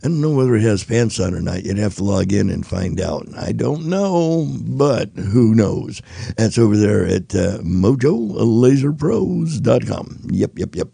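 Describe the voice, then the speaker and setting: Gravelly slow-talking man. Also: on the low side, sing-song, dark tone, no echo. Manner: rambling, folksy, drawn-out fillers. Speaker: podcast host. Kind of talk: casual chat.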